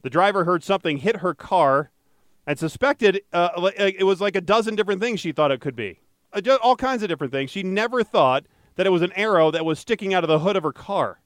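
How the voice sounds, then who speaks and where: A man's voice: high voice, lively intonation, fast talker, no room sound, clean studio sound. A man co-hosting a casual podcast, rambling through news stories with jokes and frequent self-corrections. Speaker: podcast co-host and traffic anchor.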